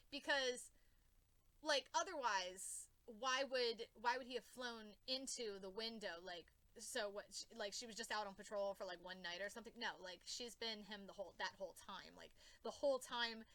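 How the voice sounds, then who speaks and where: Bright high-voiced woman ranting about comics. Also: normal speed, dry recording. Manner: excitable, swears freely. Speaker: comics reviewer. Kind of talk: casual rambling commentary.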